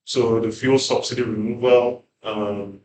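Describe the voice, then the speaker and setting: A man talks through his ideas on a panel, hedging and restarting as he goes. His voice has an ordinary pitch for a man. The sound is roomy, with faint ambience behind him. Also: fairly even intonation, measured pace, darkish tone, a little hiss or hum. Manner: thoughtful, hedging, many fillers and restarts. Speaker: panel guest. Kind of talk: conversational panel discussion.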